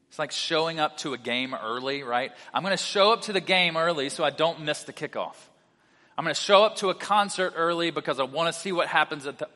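A man preaching a sermon as pastor, mixing animated delivery with casual conversational asides. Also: fairly high pitch. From South Carolina. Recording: long hall reverb.

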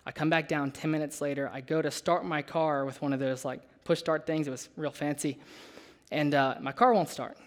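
A young adult man preaching a sermon, telling a personal story in a conversational, animated way with asides to the listeners. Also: fairly high pitch, normal speed.

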